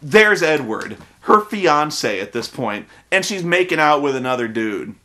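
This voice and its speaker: A man rants in an exasperated, profane film review. His voice is high and bright, and his pitch swings widely. He stumbles into restarts as he gets worked up. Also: sing-song, unhurried. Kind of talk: casual ranting review.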